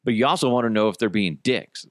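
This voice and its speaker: A man's voice: lowish voice, animated, fast talker, no echo, studio quality. A man in his thirties hosting a podcast, chatting casually, swearing freely and acting out the quotes in his stories. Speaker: podcast host. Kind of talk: casual storytelling chat.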